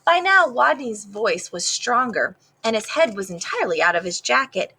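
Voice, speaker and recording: A woman teacher reading a picture book aloud to her class, expressive, pausing to ask the children questions. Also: a little high, a little hiss or hum, rough recording.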